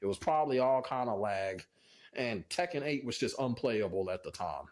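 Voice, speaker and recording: A man's voice: mid-range voice, lively intonation, moderate pace. A man commentating on fighting games in a ranting, profane way, groaning in disbelief over and over. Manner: profane and exasperated, repeats "oh my God, man".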